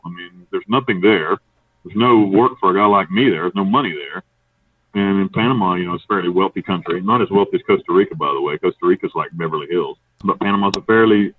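A man's voice: fairly low pitch, breathy edge, no echo. A man from North Carolina telling long, profane stories in an interview, rambling and quoting others as he goes. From North Carolina, USA. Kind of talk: storytelling interview. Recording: tinny distant phone line.

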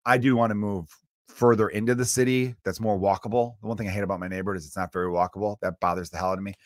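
A man's voice: on the low side, fairly even intonation, very fast, no echo, studio quality. A man in his thirties from Chicago, hosting a solo podcast and ranting in a profane, preachy way. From Chicago area. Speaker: podcast host.

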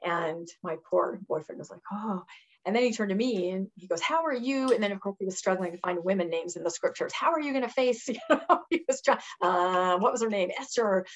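A woman in her fifties, a guest in an interview, telling stories in a lively conversational way and acting out the voices of the people she quotes. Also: lowish voice, brisk, hardly any pauses. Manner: animated storyteller who acts out quoted voices and laughs often. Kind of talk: conversational storytelling.

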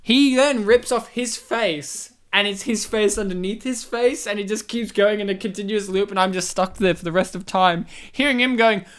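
A woman chatting casually during a movie commentary, animated and rambling, full of fillers and silly impressions. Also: mid-range voice, normal speed, few pauses. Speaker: co-host.

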